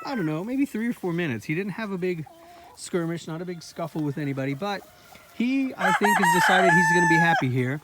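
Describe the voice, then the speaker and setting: Brief: rambling farmer guy, higher pitched and very animated, outdoor recording with a lot of background noise. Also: brisk. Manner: chatty, talks affectionately to his chickens. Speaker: farmer and video host. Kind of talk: casual walk-and-talk vlog. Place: outdoors in a pasture. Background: chickens clucking and roosters crowing.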